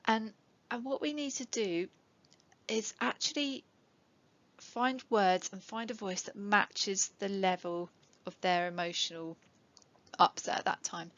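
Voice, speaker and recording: A middle-aged educational psychologist speaks to parents in a webinar, conversational and sprinkled with ums and light laughs. Her mid-range voice is fairly bright and a little slow, on dull lo-fi webinar audio.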